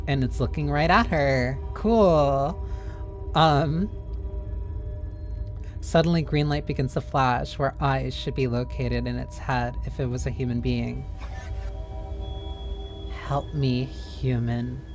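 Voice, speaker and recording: Chatty streamer narrating game text live, mid-pitched, over low music. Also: fairly even intonation, measured pace. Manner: chatty, reads game text aloud with many fillers.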